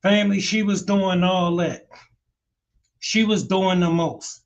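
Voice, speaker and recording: A man's voice: sits high, a bit bright, highs cut off. A man hosting a podcast, giving earnest, preachy commentary and addressing listeners as family. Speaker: podcast host. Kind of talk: opinionated commentary.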